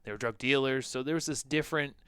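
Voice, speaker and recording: A man's voice: mid-range voice, fast talker, fairly bright tone, smooth, no room sound. A man co-hosting a podcast, telling a personal story in a loose, conversational way with lots of "like" and "you know". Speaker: podcast co-host.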